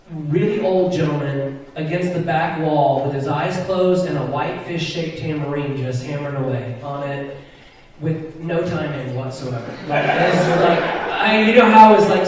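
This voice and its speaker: Man telling a story in an echoey hall. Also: on the high side. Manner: animated, chatty, keeps checking in with "right?". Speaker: Christian musician and speaker. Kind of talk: storytelling talk to a live audience. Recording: echoey hall picked up from far off.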